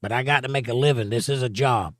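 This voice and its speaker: A man's voice: medium pitch, fast, no echo, studio quality. A man hosting a livestream, casually reading viewer comments aloud and chatting back to them. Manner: reads viewer comments aloud in a steady conversational drawl. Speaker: livestream host reading chat. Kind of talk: casual chat.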